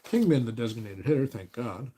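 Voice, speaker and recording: A man hosting a tabletop baseball game from home, using a put-on announcer delivery. His pitch swings widely as he reads out the lineups, with dry little jokes in between. A faint hiss sits under the voice. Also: a little fast. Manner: relaxed mock announcer delivery, dry asides. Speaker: host of tabletop baseball replays.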